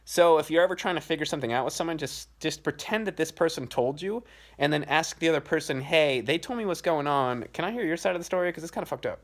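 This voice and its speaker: Young male host, rapid, blunt, profane storyteller. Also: a little high. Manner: profane, blunt, fast-talking. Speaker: podcast host. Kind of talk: casual storytelling.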